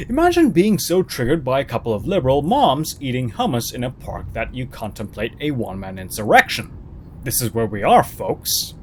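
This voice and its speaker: A man's voice: medium pitch, darkish tone, slight background noise. A man reading a first-person horror story aloud, dramatic and sarcastic in his delivery. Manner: dramatic, sarcastic, swooping intonation.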